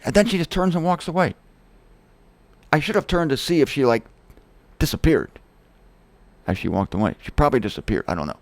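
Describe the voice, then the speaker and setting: A middle-aged man hosting his show, telling a personal story in a casual, animated way and acting out the voices of the people in it. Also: fairly high pitch, a little fast, pauses often, dry recording. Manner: animated, quoting others in acted-out voices. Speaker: host.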